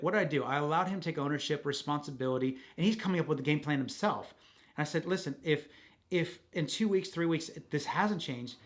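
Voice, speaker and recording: Man, podcast business coach, slightly raised pitch, conversational storytelling, repeats and restarts, plays both sides of dialogues. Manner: storytelling, acts out dialogue with clients; repeats words, restarts sentences. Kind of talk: conversational teaching.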